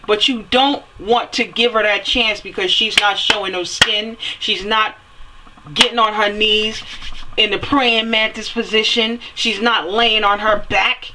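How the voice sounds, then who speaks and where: A woman giving a fiery, preachy opinion rant, repeating phrases for emphasis and swearing as she climbs to near-yelling. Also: medium pitch, measured pace, rough recording. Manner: swears and rises to near-yelling when heated. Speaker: vlogger.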